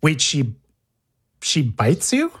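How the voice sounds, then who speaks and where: Curious interviewer, mid pitch, keeps asking follow-up questions. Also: huge pitch swings, slow, slightly rough. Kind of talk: conversational interview.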